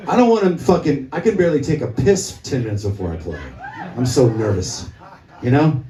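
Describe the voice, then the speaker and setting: A man's voice: mid-range voice, animated, a little fast, warm tone, recorded from a distance. Man telling a profane stage story in an echoey club. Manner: profane, rambling anecdote told to the crowd. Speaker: musician on stage. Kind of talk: onstage storytelling at a live gig. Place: small music club, live concert.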